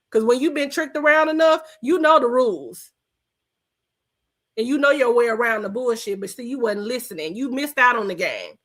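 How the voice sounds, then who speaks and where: A woman's voice: a little high, fairly bright tone. A woman podcast host, delivering a blunt, profane, scolding rant in reaction commentary.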